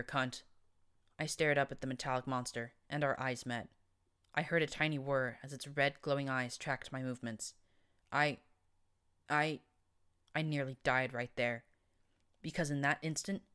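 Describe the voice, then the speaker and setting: A woman narrating first-person fan fiction as an audiobook, in an expressive, dramatic reading. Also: rumbling low, moderate pace, clean tone.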